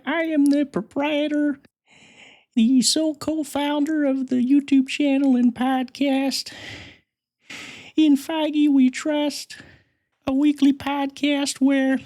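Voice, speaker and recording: High nerdy superfan guy, boastful, rambling, mellow dark tone. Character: pompous nerdy male superfan podcaster. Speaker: fake guest.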